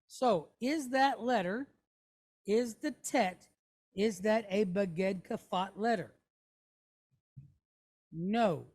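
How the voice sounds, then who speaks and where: A woman teaching a Hebrew reading lesson, sounding out each syllable patiently and checking in with her listeners. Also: medium pitch.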